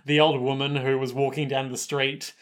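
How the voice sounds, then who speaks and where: A man co-hosting a podcast, recapping episodes in casual chat, laughing often and acting out lines in quick bits. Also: medium pitch, level tone. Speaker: podcast co-host.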